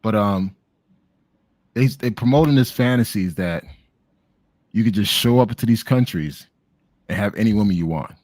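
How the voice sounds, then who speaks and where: A man's voice: fairly low pitch, moderate pace, pauses often, darkish tone, no room sound, clean studio sound. An American man from Miami chatting casually on a video call, laid-back and slangy, calling everyone man and bro. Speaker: guest on travel talk. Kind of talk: casual chat.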